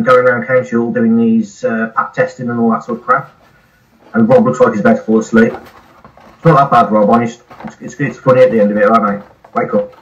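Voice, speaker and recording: A man's voice: medium pitch, far from the mic, lo-fi sound. A man who runs a site, telling stories in casual, swearing podcast talk. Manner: swears freely, animated storyteller. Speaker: airsoft site owner, guest.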